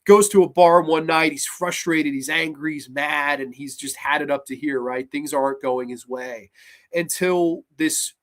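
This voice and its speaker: A man's voice: a little high, fairly even intonation, measured pace, fairly bright tone. Enthusiastic, profane man reviewing horror films. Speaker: horror podcast host. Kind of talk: casual film review.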